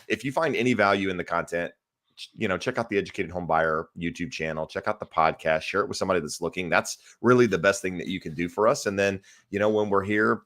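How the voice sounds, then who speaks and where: Deep-voiced, chatty male podcast host. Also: a bit bright. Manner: upbeat, chatty, reads viewer questions. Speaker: podcast host, real estate agent. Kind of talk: casual live-stream hosting.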